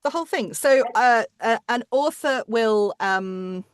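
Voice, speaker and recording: A woman, an audiobook narrator and coach, chatting in an interview with quick asides and restarts. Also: fairly high pitch, expressive, clean tone, no room sound, studio quality. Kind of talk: casual interview chat.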